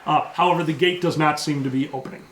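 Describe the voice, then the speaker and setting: A man running a tabletop game as game master, slowing down to narrate the action in vivid detail. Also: on the high side, steady tone, fairly bright tone, roomy sound, slight background noise. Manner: slows down for vivid descriptive narration.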